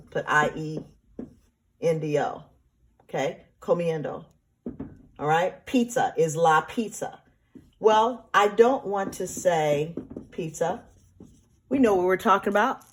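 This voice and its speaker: A woman teacher explaining grammar step by step in a recorded lesson, patient and repetitive, often checking in with "right?" and "okay?". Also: fairly low pitch. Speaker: Spanish teacher. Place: classroom or home, remote teaching.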